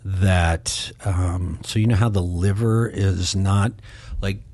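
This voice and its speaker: Low husky man telling stories. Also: slow pace. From Kansas City, Missouri. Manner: rambling, animated, acts out quoted voices. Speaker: podcast guest. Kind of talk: casual storytelling.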